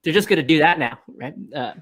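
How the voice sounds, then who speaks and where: A man's voice: fairly high pitch, expressive, fast talker, fairly bright tone. A man guest on a casual podcast, laid-back and rambling, swearing casually. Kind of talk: casual chat.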